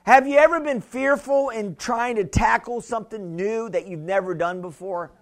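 Pastor, male, chatty sermon delivery with audience call-outs; extremely high voice. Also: moderate pace. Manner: chatty, laughing, calls and responses.

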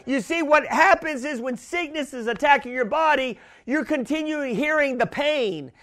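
A man preaching a sermon in an emphatic, repetitive way that builds up to shouting. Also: extremely high pitch, moderate pace.

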